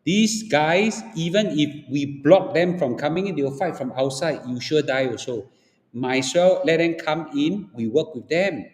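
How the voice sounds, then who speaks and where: A man's voice: fairly high pitch, animated, a little slow. A man with a Singaporean accent giving an opinionated livestream talk, blunt and lecturing, often checking in with "okay?" and "ah". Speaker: livestream host. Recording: echoey room with long reverb.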